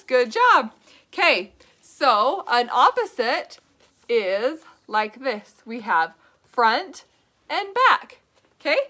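A young woman leads a preschool lesson in a high, bright voice. She speaks slowly and in a sing-song way, asking little children questions and cheering their answers. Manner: slow, sing-song, encouraging prompts to children. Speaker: preschool teacher.

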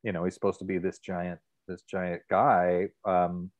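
A middle-aged man, a guest in a casual interview, telling stories in a relaxed, rambling way. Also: deep voice, a little slow, dry recording.

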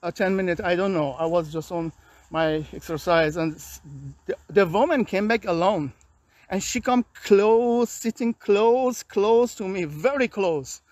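Weary, agitated man with a high voice. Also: a little mellow, no room sound. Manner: agitated, weary, halting non-native English. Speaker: vlogger. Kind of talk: personal video complaint. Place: outdoors in a park.

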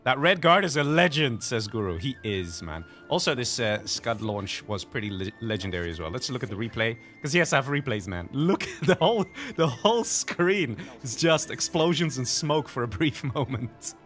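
A man's voice: mid-range voice, lively intonation, normal speed, hardly any pauses, a bit bright. A man giving casual, self-mocking commentary while playing a strategy game online, laughing often. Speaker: game streamer. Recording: faint game music behind.

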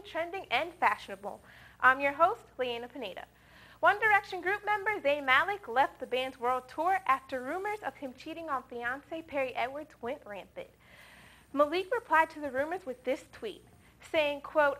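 A young woman hosting an entertainment news segment, reading a script in a crisp, upbeat way. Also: high voice, pushed and bright. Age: young adult.

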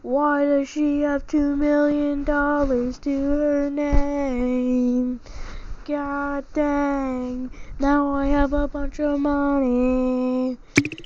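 A woman's voice: sits high, monotone, extremely slow, a little mellow. A young woman casually commenting while she plays a life simulator game, reacting aloud and reading out menu options. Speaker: gamer playing a life simulator. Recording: dull lo-fi sound with clear background noise.

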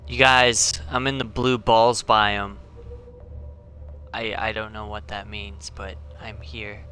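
A man giving excitable, joking commentary on his own gameplay, often exclaiming at what he sees. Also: medium pitch, normal speed, faint music behind. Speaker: gaming channel host. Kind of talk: let's play commentary.

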